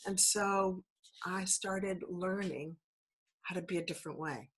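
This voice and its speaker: A woman's voice: lowish voice, fairly even intonation, measured pace, breathy edge. A woman in her fifties from New Zealand, slightly congested, hosting a podcast with an upbeat, encouraging motivational talk full of repeated affirmations. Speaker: podcast host.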